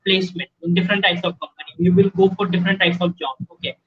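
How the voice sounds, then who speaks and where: Halting Indian man on a muffled call. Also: high-pitched, level tone, husky. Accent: Indian English. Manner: halting, many fillers and restarts, frequent "okay" check-ins. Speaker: guest speaker, entrepreneur. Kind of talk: webinar talk to students. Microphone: video call.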